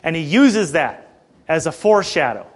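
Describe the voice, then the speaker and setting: A man delivering a sermon in a loose, conversational way, breaking off into asides to his listeners. His voice sits high for a man and swings widely in pitch as he preaches. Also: big pitch swings, moderate pace. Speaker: pastor.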